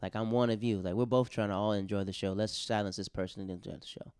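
A man who is a stand-up comedian, chatting casually and acting out voices in animated stories. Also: lowish voice, quick pace, clean tone, no room sound, clean studio sound. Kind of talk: casual podcast chat.

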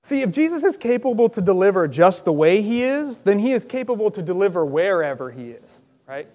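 High-voiced pastor preaching in a reverberant hall. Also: male voice, a little fast. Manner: lively, conversational, acts out quotes with loud bursts. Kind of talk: sermon. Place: church.

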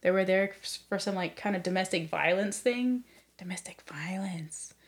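A young woman hosting a casual podcast, telling a story in a lively, animated way, laughing often and acting out the quotes. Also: medium pitch, a little fast. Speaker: podcast host.

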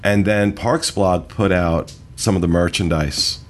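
Deep-voiced man hosting a chatty podcast. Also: measured pace. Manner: rambling, enthusiastic, many fillers. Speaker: podcast host. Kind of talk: casual podcast discussion.

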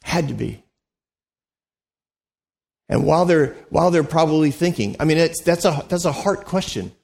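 A man's voice: a little high, animated, normal speed, creaky, darkish tone. A man preaching a sermon as a pastor, in a conversational, joking way, acting out the voices he quotes.

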